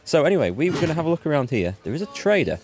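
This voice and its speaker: A man's voice: on the high side, very animated, racing, darkish tone. Chatty man from northeast England streaming. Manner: chatty, self-deprecating, thinks aloud. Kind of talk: casual live-stream commentary.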